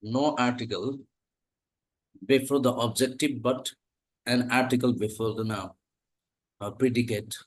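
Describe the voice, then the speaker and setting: A male student reading a grammar exercise aloud in class with careful, measured delivery. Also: medium pitch, steady tone.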